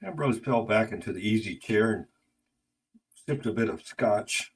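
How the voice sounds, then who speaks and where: A man narrating a detective story in a steady, matter-of-fact way. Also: fairly low pitch, a little slow, rough recording.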